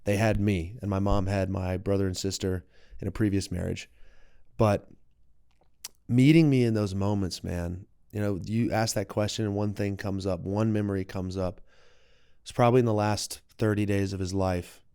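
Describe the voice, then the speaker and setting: A young man in his late twenties speaks in a smooth, clear voice that sits a little low. He tells a personal story openly and with feeling, and the sound is dry and close, as if recorded on a studio mic. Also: fairly even intonation, normal speed, warm tone, dry recording. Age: 20s. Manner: open, heartfelt, reflective. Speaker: podcast guest.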